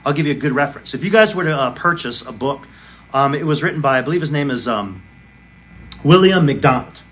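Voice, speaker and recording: A man's voice: mid-range voice, animated, a little fast, a bit bright. A male pastor preaching a sermon, arguing emphatically and firing off rhetorical questions. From United States.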